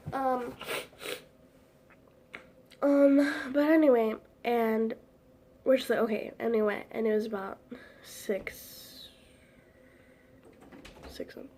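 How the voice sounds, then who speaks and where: A woman's voice: fairly high pitch, fairly even intonation, slow, long pauses, mellow, a little hiss or hum. A teenage girl chatting casually to camera at home, rambling with lots of "like" fillers and giggles. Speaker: vlogger.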